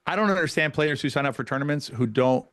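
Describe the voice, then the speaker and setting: A man talking fast and eagerly about his game, jumping back to restart his sentences. The sound is dry and close, with no room around him. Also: on the high side, no room sound. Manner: fast, animated storytelling with many restarts. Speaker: pickleball coach and guest. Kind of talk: casual podcast conversation.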